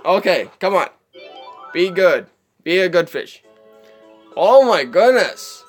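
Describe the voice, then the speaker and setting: A man streaming live gameplay commentary, chatty and easily exasperated, laughing often at what happens on screen. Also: high-pitched.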